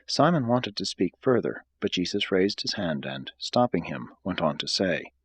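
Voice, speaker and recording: A man reading aloud from a book in a steady, measured way. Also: deep voice, slightly rough, no echo. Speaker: reader.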